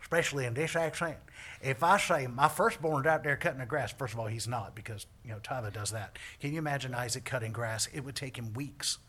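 A man's voice: medium pitch, a little fast, a bit bright, husky. A man preaching a sermon as a priest, joking with the congregation between points. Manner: joking, self-deprecating asides to the congregation.

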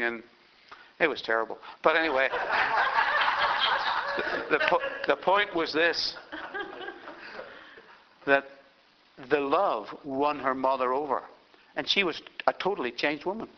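An older man preaching a sermon as pastor, telling a story and reading scripture aloud with emphasis. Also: medium pitch. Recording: dull lo-fi sound.

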